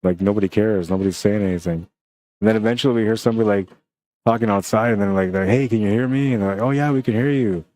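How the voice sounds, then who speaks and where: Casual, lower-pitched man telling a story. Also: racing. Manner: animated, lots of "man" and "right?". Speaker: stream commentator.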